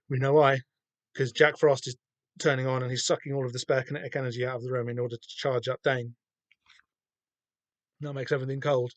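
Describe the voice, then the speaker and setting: Rambling Southern English podcast host. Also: male voice, mid-range voice, dry recording. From Southern England. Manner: rambling, sweary, self-deprecating. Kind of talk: casual comic-book commentary.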